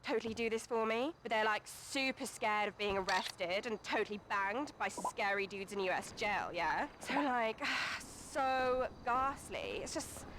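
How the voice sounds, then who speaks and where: A woman's voice: medium pitch, lively intonation, measured pace, few pauses, background noise, close to an everyday voice. Woman playing a spoiled English celebrity brat. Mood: whiny. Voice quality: drawling, entitled, valley-girl fillers. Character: spoiled snobbish young British female celebrity.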